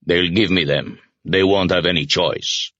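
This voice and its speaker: A man doing a deep, booming stern brigadier. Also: unhurried, vocal fry, no room sound, highs cut off, exaggerated voice. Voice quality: low booming voice. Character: stern gruff male brigadier, terse and commanding.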